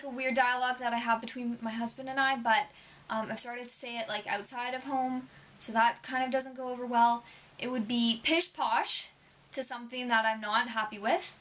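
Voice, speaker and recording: Young female vlogger, bright tone, rambling casual chat. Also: on the high side, fairly even intonation, normal speed. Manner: rambling, chatty, lots of "um" and "like".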